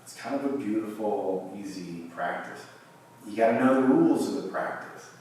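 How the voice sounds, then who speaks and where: A man teaching a guided yoga class, giving calm cues with long pauses between them. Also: lowish voice, slight background noise. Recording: distant mic in a very echoey room.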